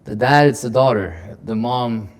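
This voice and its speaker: A man's voice: mid-range voice, normal speed. A man, a comedian guest on a podcast, telling stories animatedly, often repeating words and laughing. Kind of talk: emotional podcast conversation. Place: podcast studio.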